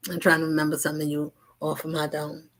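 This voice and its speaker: A woman delivering a spiritual message in a rhythmic, repetitive way, slipping between whispers and loud asides. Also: low voice, monotone, fairly quick. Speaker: spiritual channel host.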